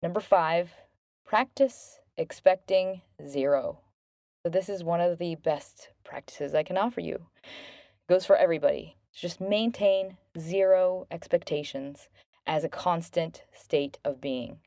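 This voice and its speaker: A woman in her thirties hosting a self-help podcast, talking gently and earnestly about relationships. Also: on the low side, a little slow, no echo, clean studio sound. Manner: gentle, earnest, bubbly when thanking listeners. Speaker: podcast host.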